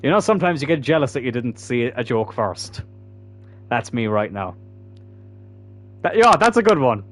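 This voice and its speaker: A man's voice: medium pitch, big pitch swings, moderate pace. A man giving casual, chatty commentary while playing a football video game, swearing freely. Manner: chatty, swearing, bursts into loud laughter. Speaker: gaming YouTuber.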